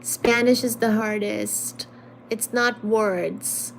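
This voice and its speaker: A woman hosting a casual live stream, reading viewer comments aloud and teasing back in a careful, clearly articulated way. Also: a little high, fairly even intonation, takes it slowly, a little hiss or hum. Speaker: livestream host.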